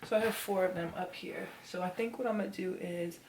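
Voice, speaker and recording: A woman's voice: lowish voice, brisk, noisy background. Chatty young woman vlogging in her bedroom. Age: 20s. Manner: expressive, talks to viewers as y'all, drops into whispers. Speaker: lifestyle vlogger. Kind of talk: casual chatty vlog talk to the camera. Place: bedroom at home, indoors.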